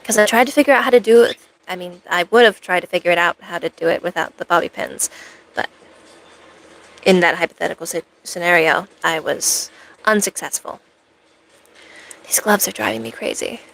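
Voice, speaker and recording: A woman's voice: lowish voice, moderate pace, creaky, long pauses, a bit bright, poor audio. A woman chatting casually with viewers on a cosplay live stream, rambling along with playful, self-mocking asides.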